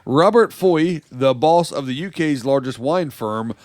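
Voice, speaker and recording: A man's voice: fairly high pitch, animated, a little slow, darkish tone, no room sound. A man from the United States co-hosting a comedy podcast, reading news stories aloud and adding sarcastic mock explanations. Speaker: podcast co-host. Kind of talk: casual comedy podcast banter.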